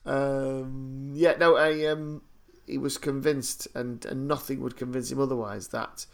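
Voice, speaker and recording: A man's voice: mid-range voice, little pitch movement, measured pace, gravelly. A man chatting casually on a podcast, telling rambling, self-deprecating anecdotes full of restarts. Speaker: podcast co-host.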